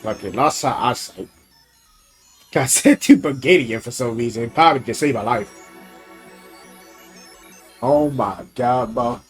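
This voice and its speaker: A young woman commenting on a story game as she plays, expressive and casually swearing. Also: a bass voice, measured pace, long pauses, soft background music. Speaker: gaming YouTuber. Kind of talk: let's play commentary.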